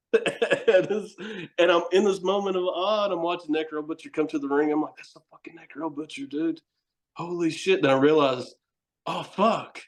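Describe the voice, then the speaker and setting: A middle-aged man, a wrestler and horror host, telling rambling stories as a podcast guest, cursing and laughing often. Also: on the high side. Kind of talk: casual storytelling chat.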